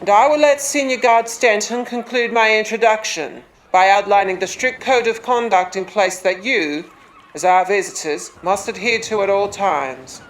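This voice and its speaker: A woman's voice: mid-range voice, a little hiss or hum, close to an everyday voice, poor audio. A woman voicing a short, formal male prison warden, pompous and official.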